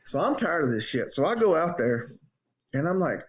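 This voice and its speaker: A man casually telling a story on a podcast and acting out the quotes in a raised voice. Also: moderate pace. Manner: animated storyteller, acts out quotes in a high voice. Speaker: podcast co-host.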